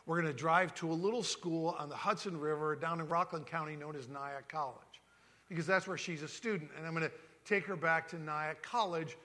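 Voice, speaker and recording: A man's voice: a little high, fairly quick, sharp tone. A man in his fifties telling his life story in a folksy way, acting out the dialogue he quotes. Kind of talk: personal testimony talk. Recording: long hall reverb.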